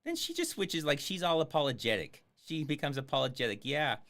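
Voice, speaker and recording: Male streamer, sarcastic running commentary, lively swooping pitch, casual swearing. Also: a little fast. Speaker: streamer reviewing a film.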